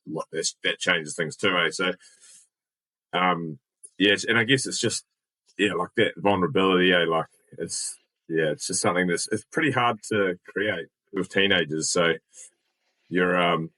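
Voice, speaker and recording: Deep, husky New host. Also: male voice, low-quality recording. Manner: relaxed, hesitant, full of "like" and "eh". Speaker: podcast host. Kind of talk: casual interview.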